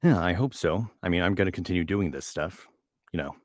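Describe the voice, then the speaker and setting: A man's voice: sits low, fairly quick, no room sound. A man reading a novella aloud, stumbling over and repeating words, with chatty, rambling asides. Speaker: reader of a story.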